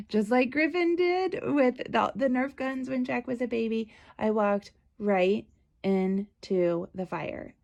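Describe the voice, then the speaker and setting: A woman hosts a casual solo podcast, recorded at home on a close mic, telling a story chattily with many asides. She's a podcast host and parent advocate whose voice is on the high side, slow, darkish, with vocal fry.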